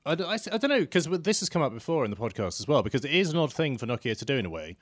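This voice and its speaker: A man's voice: mid-range voice, big pitch swings, racing, no echo, studio quality. A man co-hosting a casual tech podcast, wry and skeptical, rambling a little. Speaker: podcast co-host.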